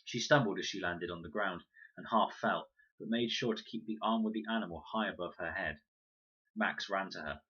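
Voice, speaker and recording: Man reading a children's novel aloud; deep voice, bright edge, lively and expressive. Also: normal speed, breathy edge. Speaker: storybook reader. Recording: dull lo-fi recording.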